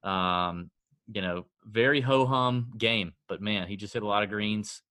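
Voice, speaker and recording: A man's voice: on the low side, a little slow, sharp tone, clear, resonant tone, no echo. A man hosting a casual sports-betting podcast, joking and self-mocking as he chats with his co-host.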